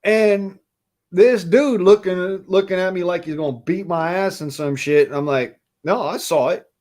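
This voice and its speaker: A man's voice: sits high, normal speed, darkish tone. A man from Utah in casual chat, telling a rambling childhood story and cursing freely.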